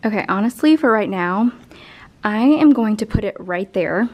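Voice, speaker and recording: A woman's voice: mid-range voice, expressive, normal speed, highs cut off. A young woman teacher in her twenties, out of breath, casually thinking aloud as she rearranges an empty classroom. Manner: thinks aloud while rearranging, chatty with fillers. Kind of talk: casual vlog narration.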